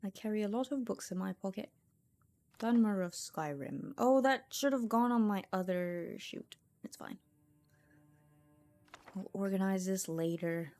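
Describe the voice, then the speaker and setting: A woman's voice: medium pitch, unhurried, dark tone. A woman streamer giving casual gameplay commentary, thinking aloud to herself in a chatty way and laughing easily. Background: faint music.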